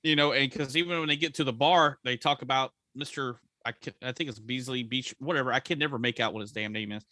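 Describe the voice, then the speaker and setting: A man's voice: medium pitch, quick pace, hardly any pauses, pushed and bright, no room sound. A man co-hosting a podcast who chats casually about a movie, swearing freely and retelling scenes in voices. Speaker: podcast co-host.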